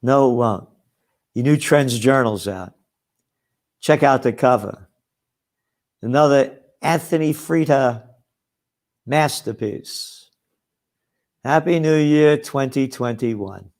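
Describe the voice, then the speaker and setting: A trends forecaster and publisher rants to promote his trends magazine in a mid-range, slightly mellow voice, taking it slowly and pausing often. The monologue is combative and sarcastic, packed with mocking asides.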